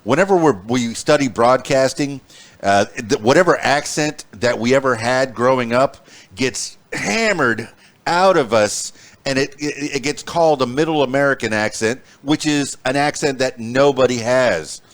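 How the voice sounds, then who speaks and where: A man from Arkansas hosting a podcast, chatting playfully with frequent "uh" restarts. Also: medium pitch. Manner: halting, many "uh" restarts, playful. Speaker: podcast host. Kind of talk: casual interview chat.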